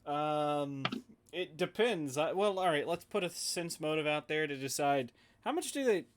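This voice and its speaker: A man's voice: fairly high pitch, expressive, unhurried. Wry male tabletop player. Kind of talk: tabletop game play.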